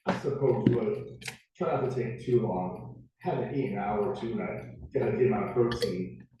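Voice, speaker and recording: A man's voice: lowish voice, normal speed, close to an everyday voice. A man playing an impatient, hungry young homebuyer who hits the gym, asking confused questions in a real estate role-play. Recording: roomy distant clip, faint noise.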